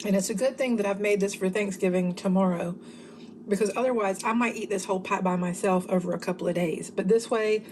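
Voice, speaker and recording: A woman talks straight to her viewers in a casual home cooking vlog, gushing about the dish as she eats it. Her voice sits at an ordinary middle pitch, and her speech is loose and friendly, full of "y'all". A faint noise runs underneath. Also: brisk, a little mellow. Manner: chatty, enthusiastic, says y'all. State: talking while eating.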